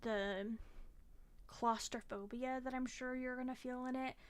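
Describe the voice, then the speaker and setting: A woman's voice: sits high, fairly even intonation, a little slow, smooth. A young woman vlogging about her reading, chatty and frank, with the occasional curse when she gets frustrated. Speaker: book vlogger. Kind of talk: casual chat.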